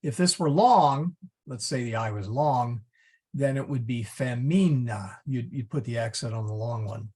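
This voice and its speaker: Middle-aged guy teaching latin, slow and halting, husky gravelly voice. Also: mid-range voice, a little mellow. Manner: halting, many fillers and restarts, chuckles often. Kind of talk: class lesson.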